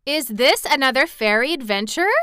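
A woman's voice: high-pitched, expressive, moderate pace, sharp tone, clear, resonant tone, dry recording, studio quality, voice pushed up. A woman reading aloud and voicing a polite, curious little farm girl in a storybook, earnest and wondering.

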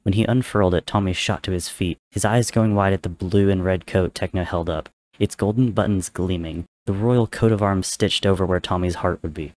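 Low voiced guy reading fanfic out loud, calm and even pace. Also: fairly quick, slight background noise. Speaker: narrator. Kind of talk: reading fan fiction aloud.

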